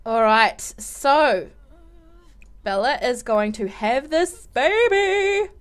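A woman hosting a let's play, chatting casually and gushing with excitement as she plays. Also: sits high, drawn-out words, soft background music. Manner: gushing, excitable, exclaims often. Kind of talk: casual game commentary.

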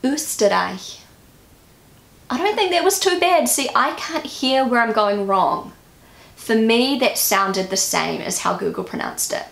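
A woman's voice: a little high, measured pace, creaky, fairly bright tone, roomy sound. A woman from New Zealand with a New Zealand English accent, vlogging casually and musing self-critically as she practises pronunciation.

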